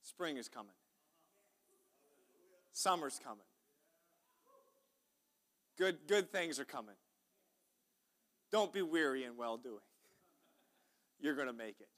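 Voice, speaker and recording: A man's voice: medium pitch, lively intonation, slow, pauses often, fairly bright tone. A male pastor, preaching a sermon in a church sanctuary in a folksy, chatty way and calling out to the congregation. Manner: folksy, chatty preaching with audience call-outs.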